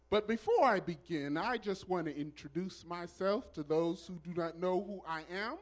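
A man who is a pastor, speaking in church in a preacherly style with loud exclamations and call and response. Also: high voice, normal speed, few pauses. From Southern California. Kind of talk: church welcome speech. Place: church sanctuary.

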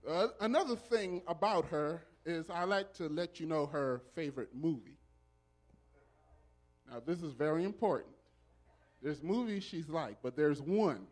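A man who is a pastor, speaking in church in a preacherly style with loud exclamations and call and response. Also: a little high, lively intonation, measured pace. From Southern California. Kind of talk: church welcome speech. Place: church sanctuary.

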